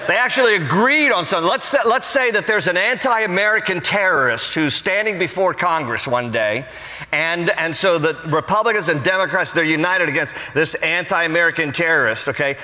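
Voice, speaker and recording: A male pastor delivering a sermon, animated and acting out the quotes himself. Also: on the high side, moderate pace, long reverb tail. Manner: animated, acts out quotes and voices.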